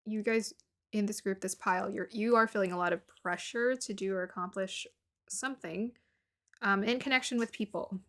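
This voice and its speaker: A woman's voice: medium pitch, steady tone, moderate pace, a bit bright. Chatty woman reading tarot aloud. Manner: chatty, musing aloud, laughs often, drops to murmurs. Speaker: tarot reader. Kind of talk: casual tarot reading to viewers.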